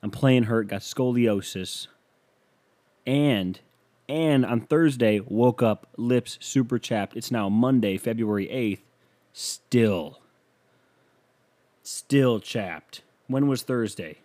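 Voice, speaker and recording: A man's voice: medium pitch, slow, mellow. A young man hosting a comedy podcast, telling rambling, self-mocking stories into a microphone. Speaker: podcast host. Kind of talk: comedic solo podcast monologue. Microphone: studio microphone.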